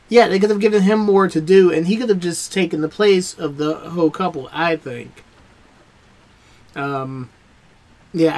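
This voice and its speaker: A man hosting a reaction video, giving a casual spoken review that rambles with hesitations, fillers and restarts. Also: high-pitched.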